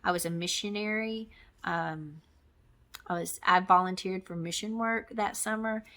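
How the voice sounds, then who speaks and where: A woman's voice: lowish voice, a little slow, sharp tone. Chatty rambling woman vlogger. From Texas, USA. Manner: rambling, chatty, many ums and restarts. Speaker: crafting vlogger. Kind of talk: casual to-camera chat.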